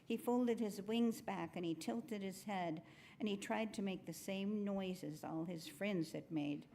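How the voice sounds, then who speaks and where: A woman reading a children's story aloud at a worship service in a gentle, unhurried way. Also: medium pitch, gravelly, a little hiss or hum.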